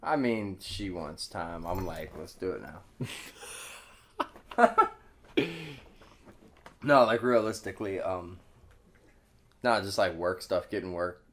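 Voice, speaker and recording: A man's voice: low voice, measured pace, long pauses. A young man hosting a casual podcast at home, laid-back and swearing freely. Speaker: podcast host. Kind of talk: casual chat.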